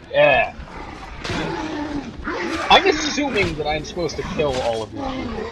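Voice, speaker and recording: A man's voice: a little high, wildly swooping pitch, a little slow, pauses often, noisy background. A man casually commenting while he streams a video game, joking and chatting with viewers. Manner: joking, sarcastic, talks to chat viewers.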